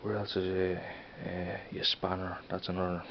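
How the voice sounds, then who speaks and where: Gravelly low-voiced Dublin man rambling. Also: monotone, moderate pace, dull audio, slight background noise. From Ireland. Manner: rambling, repeats words, frequent "you know what I mean". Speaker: vlogger. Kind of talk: casual accent-tag vlog.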